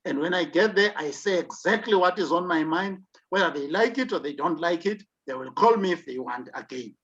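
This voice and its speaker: A man's voice: fairly high pitch, expressive, fairly quick, a bit bright. A South African man giving an online leadership lecture, emphatic, with rhetorical questions. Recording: dull lo-fi recording.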